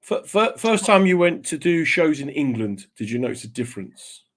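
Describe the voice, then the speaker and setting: A man's voice: a little high, big pitch swings, normal speed, fairly bright tone. A man hosting a radio chat show, talking casually and joking with his guest. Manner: jokey, slips into mock voices.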